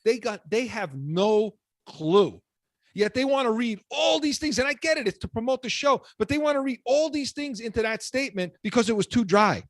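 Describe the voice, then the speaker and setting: High-voiced fired-up sports radio host man. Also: animated, moderate pace, no room sound. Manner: fired-up, ranting, repeats words when worked up. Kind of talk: heated sports talk.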